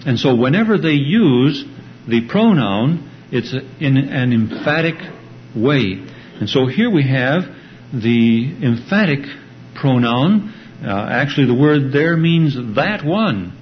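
A man teaching a verse-by-verse Bible study lecture, explaining carefully and stressing key words. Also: medium pitch. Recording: dull lo-fi recording with faint hum.

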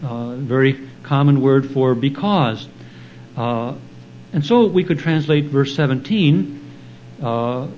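A man preaching an expository sermon, explaining Bible verses in a slow, deliberate teaching manner. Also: mid-range voice, dull audio, slight background noise. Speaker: pastor.

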